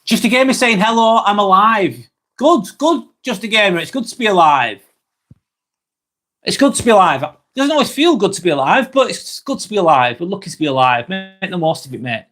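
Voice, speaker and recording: A man's voice: sits high, sing-song, a little fast, a bit bright. A man hosting a live stream, reading viewers' comments aloud and chatting back in a casual, rambling way. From England.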